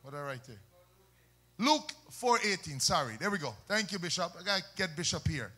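A male preacher, delivering a fiery sermon, shouting and then dropping to soft asides, with call-and-response questions. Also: on the high side, big pitch swings, a little fast, slightly rough. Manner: swings between loud shouts and soft asides.

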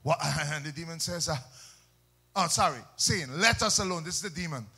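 A male preacher, delivering a fiery sermon, shouting and then dropping to soft asides, with call-and-response questions. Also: fairly high pitch, moderate pace, slightly rough. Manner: swings between loud shouts and soft asides.

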